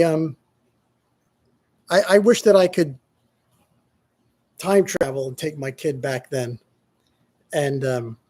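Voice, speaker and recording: A middle-aged man with a husky, slightly breathy voice, pitched a bit high for a man. He tells stories loosely, stopping and restarting his sentences as he goes. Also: a little mellow. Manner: rambling, halting with many restarts. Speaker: vlogger. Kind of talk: casual storytelling monologue.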